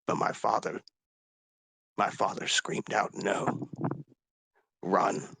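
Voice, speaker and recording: A man voicing a grief-stricken dragonborn warrior, confessing in a raw, halting way with whispered breaks. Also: on the low side, level tone, gravelly, pushed and bright, slightly rough, dry recording, heavily acted. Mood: grieving. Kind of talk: tabletop role-play character speech.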